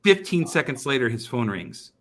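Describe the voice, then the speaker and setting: A man's voice: mid-range voice, sing-song, moderate pace, fairly bright tone. A man as a podcast guest, telling a sales story with emphasis, often repeating words and restarting sentences, heard over a video call. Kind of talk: animated storytelling in a podcast chat.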